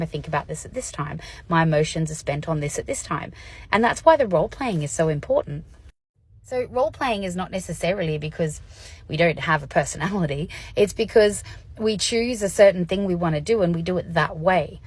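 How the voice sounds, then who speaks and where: Woman vlogger, low husky voice, candid and chatty, laughs a lot. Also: darkish tone. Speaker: vlogger sharing personal experience. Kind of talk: casual educational talk to camera.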